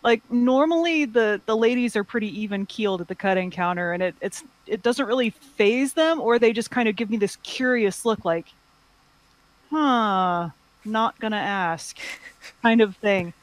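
A woman telling stories in a casual chat, relaxed with quick asides. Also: a little high, no room sound. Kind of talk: casual chat about cosplay.

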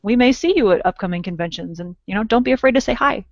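Woman podcast host from Southern California, chatty, long drawn-out vowels, dry close sound. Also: medium pitch, lively intonation, dry recording. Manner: chatty, laughs often, elongated vowels. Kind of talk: casual podcast chat. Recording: dull lo-fi dry audio.

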